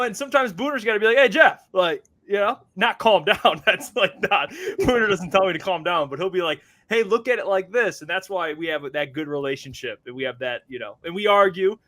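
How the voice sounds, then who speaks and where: A man's voice: high-pitched, a bit bright. A man hosting a sports podcast, talking loosely and profanely between laughs. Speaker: podcast host. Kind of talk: casual sports chat.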